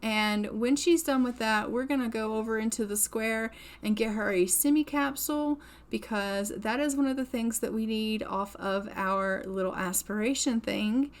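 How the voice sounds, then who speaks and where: Brief: a young woman with a fairly high voice, playful and chatty as she plays a life-sim game. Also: moderate pace, few pauses. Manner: chatty, playful, cheers the character on. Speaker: gaming channel host. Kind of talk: casual gameplay commentary.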